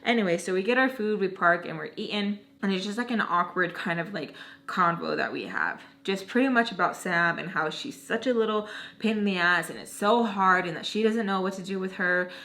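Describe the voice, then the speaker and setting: A young woman in her twenties spins a storytime for her channel, chatty and slangy, with "like" in almost every line. Her voice sits at an ordinary middle pitch for a woman. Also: brisk, pushed and bright. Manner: chatty, slangy, heavy use of "like". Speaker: vlogger. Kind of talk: storytime vlog.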